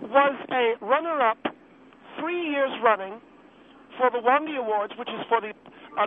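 Guy doing a snooty rich stage mom, super high voice, whiny and self-important, tinny phone line. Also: slight background noise. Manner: haughty, self-important, easily offended. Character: pompous wealthy middle-aged stage mother, female. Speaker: radio call-in guest.

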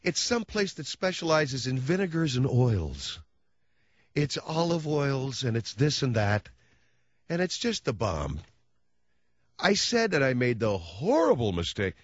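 A man's voice: mid-range voice, measured pace, dry recording. Radio guy ranting on air, voice jumps all over, dry dull studio sound. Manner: animated ranting storyteller, sarcastic asides. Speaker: radio talk show host. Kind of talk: rambling comic monologue on air.

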